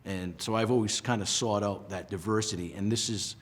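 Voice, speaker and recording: A middle-aged man from Rhode Island, talking earnestly and emotionally in a casual interview, with halting restarts. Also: fairly low pitch, steady tone, breathy edge, big-room sound. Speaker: interviewee, past lodge master.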